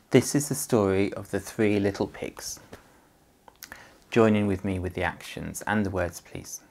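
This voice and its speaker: A man's voice: fairly low pitch, vocal fry, darkish tone. A male primary school teacher leading a story lesson with actions, giving patient, encouraging instructions to young children.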